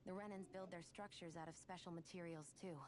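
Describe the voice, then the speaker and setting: A woman's voice: on the low side, fairly even intonation, brisk, a little mellow, natural voice. A woman voicing a cool, dry-witted young woman in a dubbed video game cutscene, matter-of-fact in tone. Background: game music.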